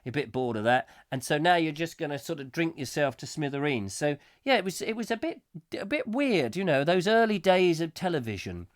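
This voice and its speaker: A man's voice: a little high, sing-song, a little fast. A man with a cold hosting a live stream, rambling casually and reading out viewer comments. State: has a cold. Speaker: livestream host.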